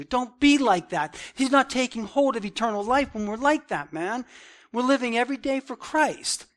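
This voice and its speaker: A man's voice: very high-pitched, lively intonation, normal speed. A man preaching an expository Bible lesson, earnest and conversational, who keeps saying "man" and "right?" and rises in force on his emphatic points.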